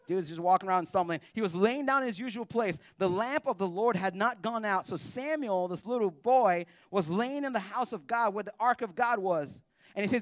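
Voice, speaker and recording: Joking, high-voiced male pastor. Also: fairly quick, dry recording, clean studio sound. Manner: joking, animated storytelling. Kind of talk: sermon. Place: church.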